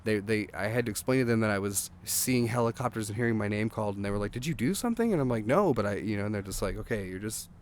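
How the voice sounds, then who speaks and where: A man's voice: fairly low pitch, fast, few pauses, a little hiss or hum. Rambling man telling a wild story. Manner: rambling, animated, swearing, acts out quotes. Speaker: guest songwriter. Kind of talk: casual anecdote telling. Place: outdoors.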